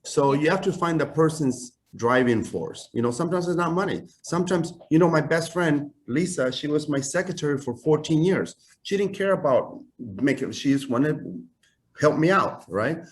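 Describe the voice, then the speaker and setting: On the high side and moderately paced, the voice belongs to a man in his fifties who makes suits. He chats easily as a guest in an interview, sounding sure of himself and energetic, and often closes with "right?"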